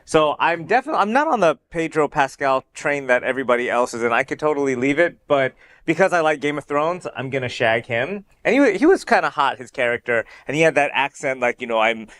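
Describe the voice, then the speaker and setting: A man's voice: on the high side, animated, fast, a bit bright. A man co-hosting a studio talk show, laid-back and self-mocking in casual chat. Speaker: co-host. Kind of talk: casual panel banter.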